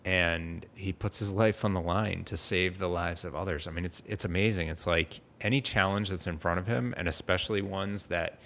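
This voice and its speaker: Low, gravelly podcast host. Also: male voice, fairly bright tone, slight background noise. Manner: enthusiastic, playful, jokey. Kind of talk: casual interview chat.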